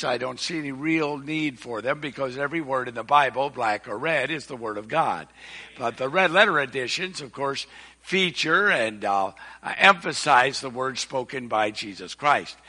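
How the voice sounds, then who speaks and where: A man's voice: mid-range voice, bright, forceful tone. An older man preaching a sermon in a church, folksy and earnest, with rising emphasis. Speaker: visiting preacher. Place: church sanctuary. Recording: echoey hall with long reverb.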